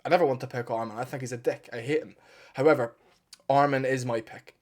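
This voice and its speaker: A man's voice: medium pitch, quick pace, a little mellow. A man talking through an upcoming fight in a loose, unscripted way. He is blunt and partisan, swears freely and talks himself into strong opinions as he goes. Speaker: MMA fight analyst. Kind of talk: casual opinionated fight breakdown.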